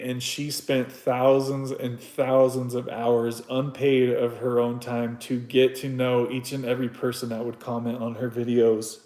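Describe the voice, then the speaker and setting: A man's voice: mid-range voice, a little mellow. Candid man streaming live in an echoey room. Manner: candid, swears freely, talks haltingly with restarts. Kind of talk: casual live stream chat, reading viewer comments aloud.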